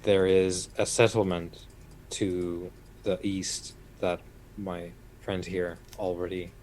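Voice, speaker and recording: A man playing a tabletop game, speaking in character in a measured, formal way. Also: sits low, darkish tone, a little hiss or hum. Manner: slow, formal, measured speech. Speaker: player. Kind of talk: in-character tabletop role-play.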